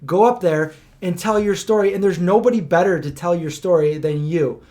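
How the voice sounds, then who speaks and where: A man hosting a livestream, telling stories in a casual, rambling way, full of fillers and animated retellings. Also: high-pitched, normal speed. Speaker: host of a livestream. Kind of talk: casual storytelling chat.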